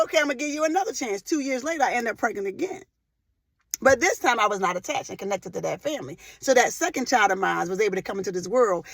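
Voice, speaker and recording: A woman in her forties giving a faith-based motivational talk, emphatic and impassioned, repeating phrases for weight and breaking into loud emotional bursts. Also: medium pitch, creaky, no echo. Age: 40s. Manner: rises to loud emotional outbursts. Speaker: motivational speaker.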